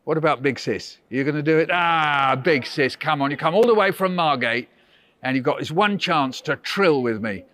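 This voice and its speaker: A man's voice: on the high side, normal speed, a bit bright. A man, a visiting author, running a playful storytelling workshop for children and coaxing them with questions.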